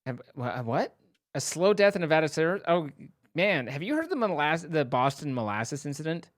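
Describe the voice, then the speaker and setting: A middle-aged man co-hosting a stream rambles through casual chat, interrupting himself with lots of fillers and restarts. His voice is a little high with big pitch swings at a normal speed, recorded studio-clean with no echo.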